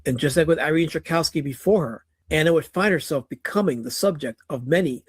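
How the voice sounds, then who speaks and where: A man reads scripted narration in an even, reportorial manner. His voice is fairly high and husky. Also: brisk, no echo. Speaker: video narrator.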